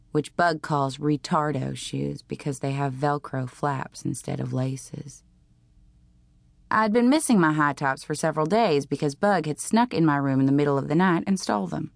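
A woman reads a teen novel aloud in the first person, with a low, gravelly voice. Her delivery is dry and deliberate with a wry edge, and the recording is close and dry with no room sound. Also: dry recording. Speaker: audiobook narrator.

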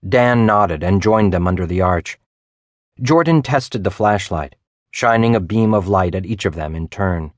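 A man narrates a suspense audiobook in a low voice. His reading is measured and even. The sound is close and dry, with no room sound at all. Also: no room sound. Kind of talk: scripted narration.

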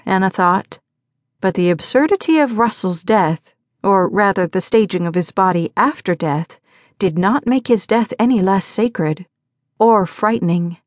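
A woman reading a mystery audiobook aloud, voicing each character with small shifts in pitch. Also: no room sound, clean studio sound. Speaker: audiobook narrator. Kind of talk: scripted narration.

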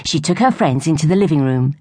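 Narradora de voz grave y ronca. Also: female voice, deep voice, lively intonation, fast, warm tone, no echo, studio quality. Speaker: audiobook narrator. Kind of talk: storybook narration for young children.

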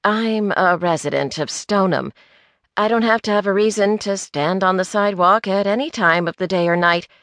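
A woman voicing a level-headed woman who answers politely and tries to calm things down. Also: lowish voice, moderate pace, dry recording, studio quality, close to an everyday voice. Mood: firm polite. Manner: polite and placating.

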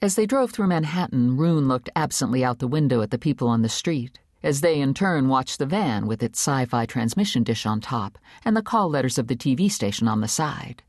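A woman narrating an audiobook in an expressive, measured storytelling manner on a studio microphone. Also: extremely low pitch, dry recording. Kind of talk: scripted narration.

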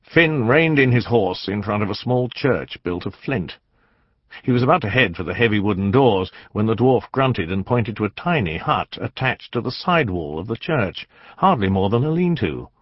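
A man reading a historical novel aloud as an audiobook narrator, measured and dramatic. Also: fairly low pitch, lively intonation, no room sound, dull audio. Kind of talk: scripted narration.

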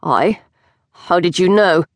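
A woman's voice: fairly low pitch, lively intonation, slow pace, no echo, clean studio sound. A woman voicing a desperate noble earl. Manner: pleading, commanding. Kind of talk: audiobook character voice.

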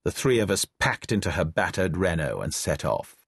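Guy reading an audiobook, low husky voice, wry and dry, close mic. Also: moderate pace, dry recording. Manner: dry, wry storytelling with lively intonation. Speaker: audiobook narrator. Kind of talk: reading a novel aloud, voicing characters lightly. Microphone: close studio mic, dry booth.

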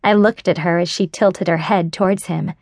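A woman's voice: fairly low pitch, steady tone, normal speed, a little mellow, dry recording, clean studio sound. A woman narrating a romance audiobook in the first person, wry and confiding. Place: dry studio booth. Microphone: close studio mic.

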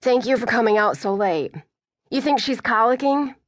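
A woman voicing an anxious, tearful horse owner who speaks in a shaky, rushed way. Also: fairly high pitch, expressive, no echo, clean studio sound, pitched above the performer's own voice, lightly acted. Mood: pleading.

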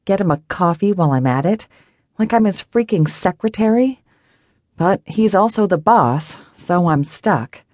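A woman reads a first-person audiobook in an expressive, wry way. Her voice is on the low side for a woman. The booth recording is close and dry, with no echo. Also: a little slow. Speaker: audiobook narrator. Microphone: studio microphone, dry booth.

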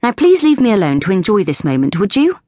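Woman doing a spirited young airship pilot, brisk, impatient, slightly husky, dry studio sound. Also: medium pitch, big pitch swings, mellow, no room sound, voice pushed up. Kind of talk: audiobook character voice.

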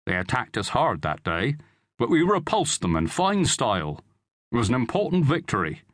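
A man's voice: mid-range voice, very animated, moderate pace, fairly bright tone, no echo, clean studio sound. A man voicing a confident rebel soldier and father who speaks of his army in an assured, airy way, in an audiobook reading.

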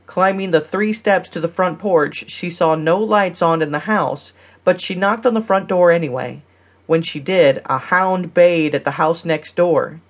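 A woman narrating a romance audiobook in a measured, steady reading style. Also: lowish voice. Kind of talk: scripted narration.

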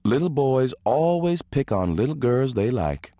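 A man voicing a teasing, sharp-tongued wife. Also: mid-range voice, sing-song, a little slow, no room sound, studio quality, pitched above the performer's own voice. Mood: fond. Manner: playful, needling banter.

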